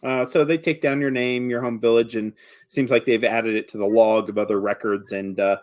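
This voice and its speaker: A man's voice: mid-range voice, fairly even intonation, brisk, no room sound. A man narrating as game master of a tabletop game, rambling with many fillers.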